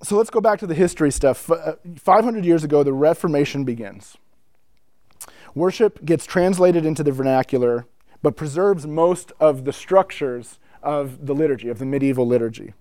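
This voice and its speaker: Animated man telling church stories. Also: fairly high pitch, normal speed, dry recording. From North America. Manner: animated, acts out quotes, laughs while telling stories. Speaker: speaker giving a talk on church worship history. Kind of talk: casual storytelling lecture.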